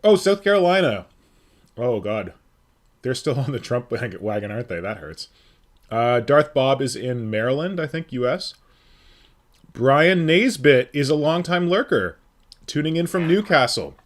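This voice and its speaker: A man's voice: mid-range voice, animated, a little slow. A man hosting a casual live stream, joking and reading out viewers' names. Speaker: stream host.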